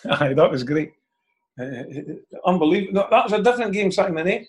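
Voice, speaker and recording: Husky older Scottish man telling stories. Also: high voice, animated, moderate pace. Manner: chatty, ends phrases with "eh?". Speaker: interview guest. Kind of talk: anecdotal storytelling.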